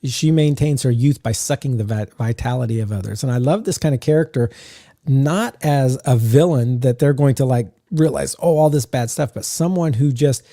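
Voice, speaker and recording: Chill dude on a gm podcast, mellow voice, lots of uhs, dry close mic. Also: male voice, medium pitch, normal speed, no echo. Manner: relaxed, musing, frequent "uh" fillers. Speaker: podcast co-host and game master. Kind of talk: casual podcast chat.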